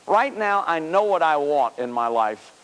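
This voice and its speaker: Fifties guy giving a self-help talk, lively swinging voice, keeps repeating words for emphasis. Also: on the high side, measured pace. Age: 50s. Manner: animated, emphatic, repeats words when stressing a point. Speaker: speaker on healing the inner child.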